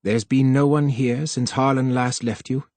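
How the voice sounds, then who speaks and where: A man voicing a calm, guarded older male official in an audiobook, speaking softly and with measure. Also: no room sound, natural voice. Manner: soft, measured, low-spoken. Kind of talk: audiobook character voice.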